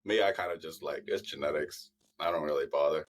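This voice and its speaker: A man's voice: very deep voice, fairly quick, slight background noise. A man in his thirties, a podcast co-host telling funny stories in casual chat, laughing often.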